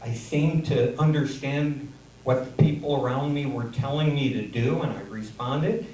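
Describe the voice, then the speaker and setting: A man's voice: medium pitch, unhurried, dark tone. A man telling a long shaggy-dog joke on a comedy theater stage, rambling with repeated words and restarts. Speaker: audience member telling a joke. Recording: echoey theater from far off with noise.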